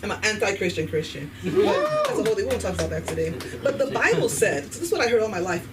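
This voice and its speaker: A Nigerian woman in her fifties doing a stand-up comedy set in a club, animated and switching between voices. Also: medium pitch, quick pace. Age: 50s. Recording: distant mic, noisy room. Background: audience laughter.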